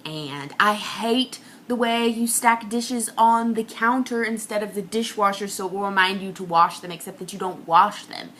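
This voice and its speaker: Bright-voiced woman ranting comically. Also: normal speed, hardly any pauses, slight background noise. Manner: ranting, self-mocking, swings between whispers and high outbursts. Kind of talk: confessional comic monologue.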